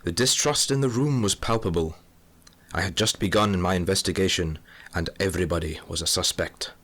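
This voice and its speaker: A deep-voiced man as a wry old-school inspector. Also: a little fast, fairly bright tone. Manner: dry, wry, melodramatic. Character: hard-boiled Scotland Yard police inspector, middle-aged man. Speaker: narrator. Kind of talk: comic radio-drama narration.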